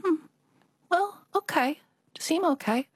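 A woman's voice: very high voice, animated, takes it slowly, no echo, studio quality, voice pushed up, heavily acted. A woman voicing her young Chinese mother with a Chinese accent and clipped broken English. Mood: coy. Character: young Chinese woman, shy and matter-of-fact.

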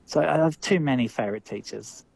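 A man's voice: mid-range voice, fairly quick, creaky, darkish tone, husky, no echo. A man with an Australian accent, a drama teacher answering interview questions thoughtfully, with lots of fillers and restarts.

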